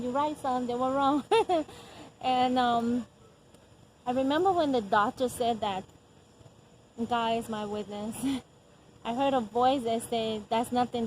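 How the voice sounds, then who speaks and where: A middle-aged woman telling a personal faith testimony as a mother, earnest and unhurried, often pausing with soft laughs. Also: fairly high pitch, slight background noise, low-quality recording. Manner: earnest, frequent soft laughs and hesitant "um" pauses.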